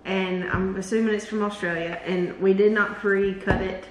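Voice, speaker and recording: A woman's voice: medium pitch, fairly even intonation, moderate pace, distant mic. A chatty woman with a Southern American drawl hosts a casual snack-tasting video. Her voice sits back from the mic in a bare, echoey room. There is a faint hum of room noise behind her. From Southern United States. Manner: chatty, bubbly. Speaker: channel host.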